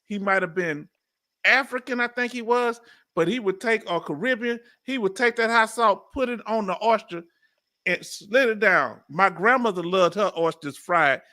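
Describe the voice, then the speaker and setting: A bright, high-pitched man with a Southern US accent hosts a relaxed livestream chat from home. He talks loosely and reads viewer comments aloud between questions to his guest. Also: normal speed. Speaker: livestream host.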